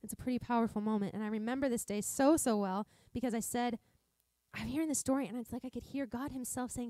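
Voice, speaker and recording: A woman's voice: fairly high pitch, steady tone, fast, mellow, no room sound. A woman from Montana preaching a sermon in a church service, earnest and conversational, often restarting her sentences. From Montana, USA. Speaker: pastor.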